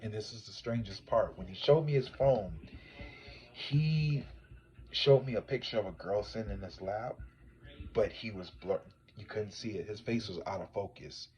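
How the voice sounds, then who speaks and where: Speaking at a moderate pace in a lowish voice, this male tarot reader and psychic shares a story with his livestream audience. He's relaxed and lively, dropping to a hush one moment and getting loud the next, captured in low-quality audio.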